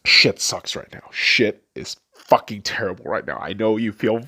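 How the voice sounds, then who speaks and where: Low-leaning and sharp in tone, this podcast host's voice moves at a moderate pace. He's a late-twenties man from Las Vegas, USA, swearing heavily and repeating himself as tears come during an emotional monologue about a personal memory.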